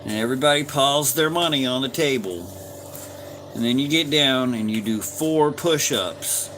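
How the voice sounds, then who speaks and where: A man's voice: medium pitch, moderate pace, fairly bright tone, a little hiss or hum, low-quality recording. A man in his fifties hosting a livestream, chatting casually with his viewers in a laid-back, folksy way with frequent chuckles. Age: 50s. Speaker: livestream host.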